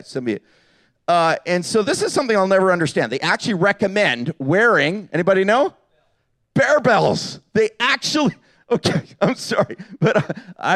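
Animated high-voiced man telling stories. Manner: animated, jokey, acts out quotes with voices. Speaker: pastor. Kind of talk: humorous sermon storytelling. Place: hall with live audience.

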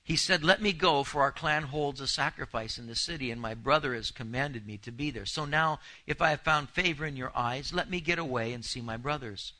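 Bright-voiced man preaching a sermon. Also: medium pitch, a little fast, few pauses, low-quality recording. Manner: animated, repeats words when thinking aloud. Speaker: pastor. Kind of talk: expository sermon.

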